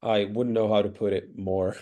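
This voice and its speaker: Casting: Italian-born man, native Italian, British-leaning English, low voice, articulate academic interview guest. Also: normal speed, darkish tone. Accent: British-leaning English with traces of American and Australian. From Italy. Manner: articulate, academic, with frequent fillers. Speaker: interview guest, pronunciation teacher. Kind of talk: thoughtful interview answer.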